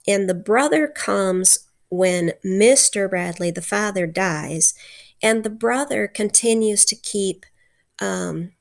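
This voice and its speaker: A woman teacher retells a chapter for her class in a loose, chatty way. She fills her talk with "um" and "like" and slips into acting out dialogue, at a middling pitch. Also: gravelly. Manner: chatty, full of fillers, acts out dialogue. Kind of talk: retelling and explaining a novel chapter.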